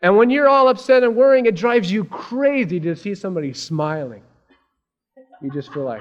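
A man's voice: high voice, expressive, moderate pace. A man preaching a sermon, telling a Bible story and acting out the disciples' frantic cries in raised voices. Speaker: pastor. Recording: dull lo-fi sermon recording.

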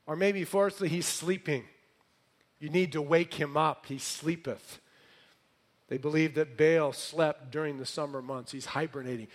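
A man's voice: a little high, unhurried. A middle-aged male pastor preaching a sermon, reading scripture dramatically and telling it with sarcastic humor. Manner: animated storytelling with sarcastic humor.

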